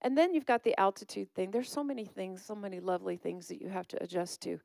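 A middle-aged woman pastor preaches in a loose, storytelling way, laughing along as she talks. Her voice sits at a middle pitch. The sound is close and dry. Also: fast, creaky, darkish tone, no room sound. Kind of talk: sermon.

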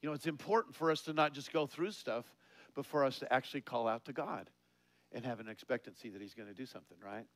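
A man delivers a conversational sermon, laughing frequently and posing questions to his listeners while his pitch and volume climb on key points. He talks fast, and there's no echo.

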